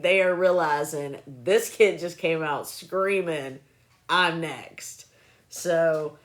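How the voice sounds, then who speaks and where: Low-voiced woman telling chatty stories. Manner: chatty, animated anecdotes with bursts of laughter. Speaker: livestreamer recalling clinic work. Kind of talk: casual live-stream storytelling.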